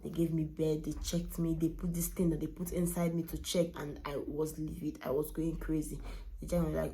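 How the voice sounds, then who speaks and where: Young woman vlogger, low gravelly voice, chatty and animated. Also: moderate pace. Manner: animated, laughs often, drops to a hushed tone on sad parts. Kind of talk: casual storytelling to camera.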